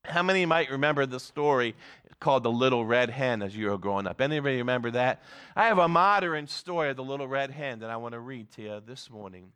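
An earnest pastor preaching a sermon in a church, emphatic throughout. His voice sits a bit high for a man and sounds bright and forceful, with the words pushed hard. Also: clean tone.

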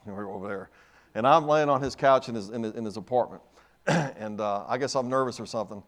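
A middle-aged man preaching a sermon, swinging from quiet asides to loud bursts, with frequent restarts. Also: medium pitch, a little fast. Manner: dynamic, swings from soft to loud, many restarts.

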